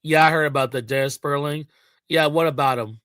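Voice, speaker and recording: A man rants on his livestream in a fairly high voice, heated and profane, stopping to answer his chat. The sound is dry and close, with no room around him. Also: fairly even intonation, a little fast, a bit bright, dry recording. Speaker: livestream host. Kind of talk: casual ranting livestream.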